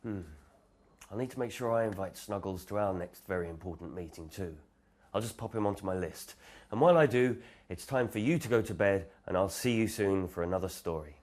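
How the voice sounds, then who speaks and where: A man narrating a children's bedtime story in a gentle, expressive storytelling manner. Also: sits low, a little fast.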